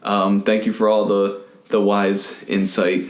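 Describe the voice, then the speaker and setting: A man hosting a podcast, asking questions in a relaxed way and teasing his guest with dry humor. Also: fairly low pitch, unhurried, slight background noise. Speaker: podcast host. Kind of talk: casual interview. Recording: echoey room.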